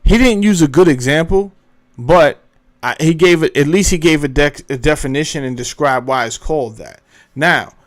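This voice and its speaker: A man's voice: fairly high pitch, moderate pace. A man hosting a casual commentary, rambling and interrupting himself as he looks things up. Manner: rambling, self-interrupting, thinking aloud. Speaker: host. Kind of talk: casual commentary while browsing clips.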